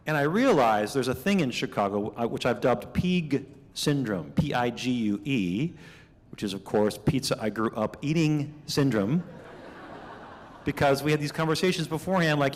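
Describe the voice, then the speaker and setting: A middle-aged man from Minnesota giving a conversational keynote speech, telling stories with lively asides. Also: mid-range voice, moderate pace. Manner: chatty, animated storytelling with asides. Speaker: keynote speaker. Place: banquet hall. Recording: reverberant banquet hall.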